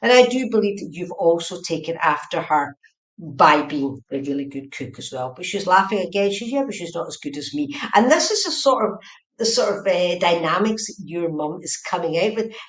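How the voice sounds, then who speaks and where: A woman's voice: fairly low pitch, animated, normal speed. Chatty woman medium in an echoey room. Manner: repetitive, chatty, keeps checking "does this make sense". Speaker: psychic medium. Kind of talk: live online tarot and mediumship reading. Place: indoors at home, room with a heater.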